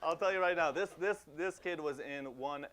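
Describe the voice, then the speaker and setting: A man co-hosting a live comedy talk show, delivering jokes in a casual deadpan way. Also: fairly high pitch, normal speed. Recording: noticeable background noise.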